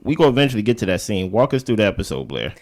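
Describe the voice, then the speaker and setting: A man co-hosting a casual TV recap show, talking in an animated way with quick asides and frequent laughs. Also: on the low side. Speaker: podcast co-host.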